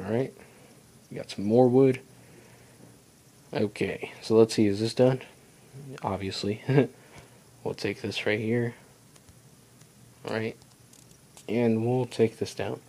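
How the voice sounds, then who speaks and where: Young male let's-play host, low voice, chatty and rambling self-talk. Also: steady tone, takes it slowly, gravelly, long pauses, dark tone. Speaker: gaming channel host. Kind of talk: casual let's play commentary.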